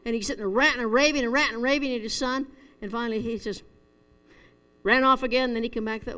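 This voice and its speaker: A woman's voice: medium pitch, fairly even intonation, a little fast, fairly bright tone. A middle-aged woman preaching a conversational sermon, earnest and storytelling, with chuckles at herself. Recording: echoey hall reverb.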